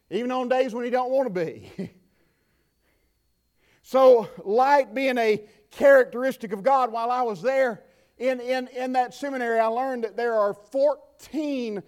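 A man's voice: extremely high pitch, normal speed, darkish tone. A man preaching a sermon with an impassioned, repetitive cadence.

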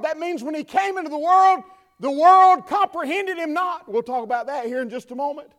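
Preacher guy, real high voice, fired-up sermon rhythm, keeps repeating himself for effect. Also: moderate pace, fairly bright tone. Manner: impassioned, repetitive preaching cadence.

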